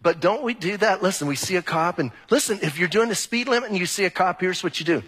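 A man preaching a sermon as pastor, conversational and animated, firing direct questions at his congregation. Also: high-pitched, fast, breathy edge. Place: church hall. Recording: long hall reverb.

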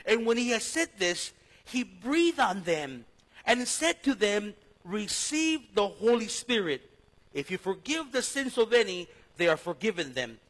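A pastor, preaching a storytelling sermon that swings between loud and hushed. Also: male voice, high voice, sing-song, a little slow, low-quality recording. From East Los Angeles.

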